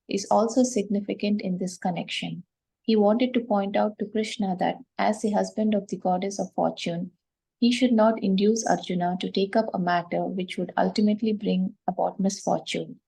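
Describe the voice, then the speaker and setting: A woman reading a scripture commentary aloud to a class in a steady, careful way. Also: medium pitch, vocal fry, slightly rough, poor audio.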